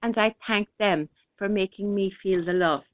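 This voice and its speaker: A woman hosting a spiritual talk radio show. She speaks gently and unhurriedly, reading out listener comments with many fillers and restarts. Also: medium pitch, moderate pace, no echo. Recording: tinny phone-line internet radio.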